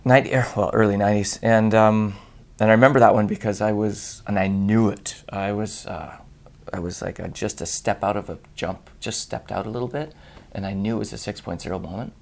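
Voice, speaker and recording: A hoarse man telling a lively anecdote in casual chat, acting out the other voices and laughing often. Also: fairly low pitch, brisk. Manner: animated storyteller who acts out voices and laughs often. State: hoarse voice after a long week. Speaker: guest on a radio chat show.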